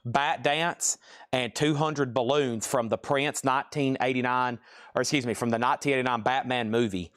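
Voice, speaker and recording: A man running a live record sale, reeling off titles, conditions and prices in a quick, practical patter. His voice sits at a middling pitch and the sound is dry and close, with little room around it. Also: fairly even intonation, fairly bright tone, no room sound. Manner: brisk, matter-of-fact listing of items and prices. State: briefly out of breath. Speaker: livestream record sale host.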